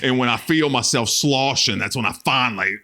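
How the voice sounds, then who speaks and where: A man voicing a rowdy good-old-boy type who keeps bingeing potato chips, talking loud and drawling through laughter. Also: mid-range voice, fairly quick, close to an everyday voice.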